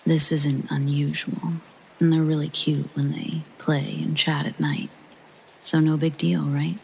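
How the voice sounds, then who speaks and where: A narrator reading a first-person paranormal story in a soft whispered sleep-story style, with a breathy half-whisper. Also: mid-range voice, a little hiss or hum, rough recording.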